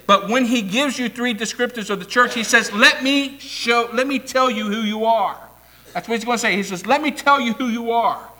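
A man preaching a sermon, swinging from loud declarations to soft asides and having the congregation repeat phrases back. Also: extremely high pitch, moderate pace. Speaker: pastor.

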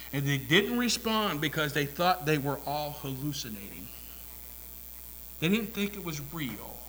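A man preaching a sermon in a church, swinging between hushed whispers and loud, climactic calls. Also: on the high side, rough recording. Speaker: pastor. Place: church sanctuary.

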